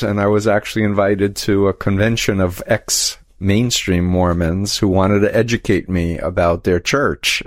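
A man talking as an interview guest, explaining at length in a measured way with frequent restarts. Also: lowish voice, no echo, studio quality. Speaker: guest, cult expert. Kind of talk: conversational interview.

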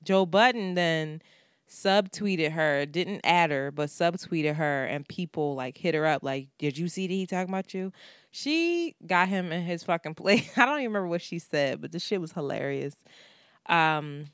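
A woman's voice: deep voice, animated, a little slow, fairly bright tone, clean tone, no room sound, clean studio sound. A woman co-hosting a podcast, telling a story in candid, profane casual chat. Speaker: podcast co-host.

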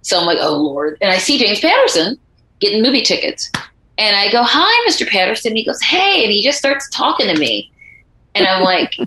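A woman author being interviewed, telling animated stories and acting out the voices of people she quotes. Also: mid-range voice, a little fast, echoey room, rough recording. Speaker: author and guest. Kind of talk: conversational interview.

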